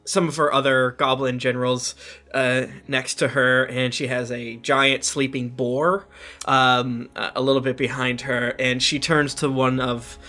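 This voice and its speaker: Bright-voiced player, hesitant descriptions. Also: male voice, mid-range voice, flat delivery, soft background music. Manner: halting, searching for words. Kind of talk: casual chat around a tabletop game.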